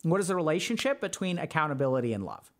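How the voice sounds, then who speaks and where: This podcast host, a man playing a mental health doctor, talks through relationship advice quickly and with great animation. His voice is a little high, and his earnest, conversational delivery is full of fillers.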